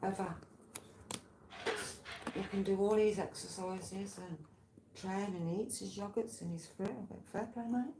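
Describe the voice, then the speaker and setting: A woman's voice: medium pitch, steady tone, unhurried, pauses often, dark tone, a little hiss or hum. Woman, rambling tangential stories, swearing, roomy echo, faint ambience. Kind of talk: casual chat.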